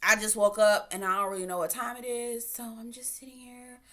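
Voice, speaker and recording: A woman mimicking a drowsy young woman who talks in a flat, barely voiced murmur. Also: fairly high pitch, fairly quick. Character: sleepy young woman, flat and half-awake.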